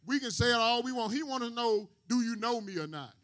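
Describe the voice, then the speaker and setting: A man's voice: extremely high pitch, animated, brisk, fairly bright tone. A man preaching a sermon to his congregation, talking casually and often asking them questions and waiting for them to answer. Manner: call-and-response preaching, asks the congregation questions. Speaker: pastor.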